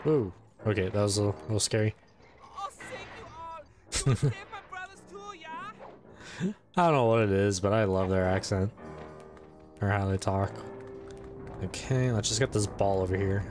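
A man giving casual let's play commentary, excitable, talking to the game and saying "dude" a lot. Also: fairly low pitch, moderate pace, pauses often, over music. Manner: excitable, talks to the game and its characters.

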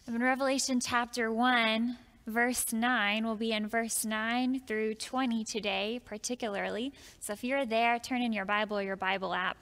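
Woman preacher, earnest sermon, fairly high voice, gravelly edge, long hall reverb. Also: a bit bright. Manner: earnest, reads scripture slowly and dramatically. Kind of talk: sermon with Bible reading. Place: church sanctuary.

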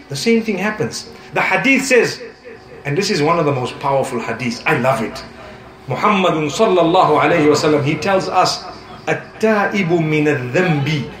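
Male preacher, high voice, chatty and humorous, echoey hall sound. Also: a bit bright. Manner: conversational, humorous, rhetorical questions to audience. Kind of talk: sermon.

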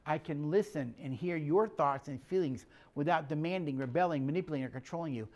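This emotional health and leadership speaker is middle-aged, with a fairly high, a little mellow voice and a slightly fast delivery. His conversational talk is full of plainly told stories with dialogue he acts out.

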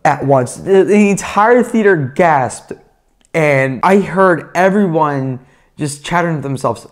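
Excitable young man reviewing a movie. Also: fairly high pitch, slow. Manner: excited, rambling, swearing, many fillers. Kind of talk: casual spoken review.

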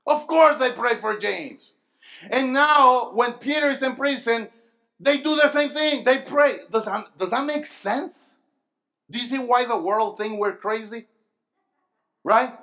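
A pastor with a high voice preaches a sermon to a youth rally at a measured pace, lingering over each phrase. He uses call-and-response, repeatedly asking the crowd questions and waiting for their answers. His delivery sinks low and quiet, then climbs into loud, emphatic bursts.

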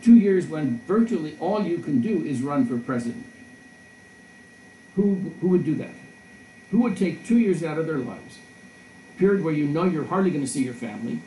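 Mellow-voiced male professor in a roomy echo. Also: a little high, recorded from a distance, a little hiss or hum. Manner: discursive, storytelling, frequent restarts. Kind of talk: conversational lecture. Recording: roomy echo, voice a bit off-mic.

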